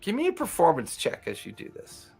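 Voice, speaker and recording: A man runs a tabletop game as game master. He narrates in a relaxed, conversational way, guiding the players through the scene. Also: on the high side, fairly quick, creaky, husky, soft background music.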